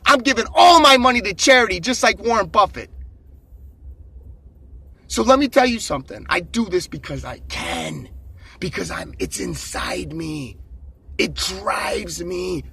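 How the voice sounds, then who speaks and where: A middle-aged man giving a swearing, shouting motivational rant into a phone camera. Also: high voice, animated, a little slow, vocal fry, breathy edge. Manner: intense, swearing, shouting bursts. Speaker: motivational vlogger. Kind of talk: ranting motivational monologue.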